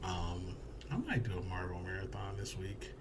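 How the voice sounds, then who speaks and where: A man co-hosting a podcast in casual movie chat, rambling and laughing, his voice jumping up high when he jokes. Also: animated, moderate pace, noisy background. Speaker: podcast co-host.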